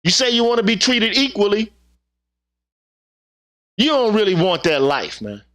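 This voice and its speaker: A man's voice: high-pitched, very animated, a little slow, fairly bright tone. A man hosting his own channel, delivering a heated opinion monologue with profanity and repeated rhetorical questions. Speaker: channel host.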